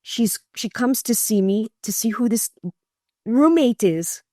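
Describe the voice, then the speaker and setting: A middle-aged woman, a guest on an interview show, telling her story in an earnest, animated way and acting out other people's voices. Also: on the high side, a little slow, no echo, clean studio sound. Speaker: guest, cancer survivor.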